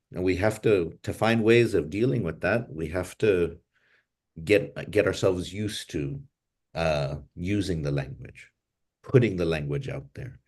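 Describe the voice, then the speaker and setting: A man's voice: low-pitched, darkish tone. A man hosting a language class over a video call, speaking in a thoughtful, reflective way and moving between Chamoru and English.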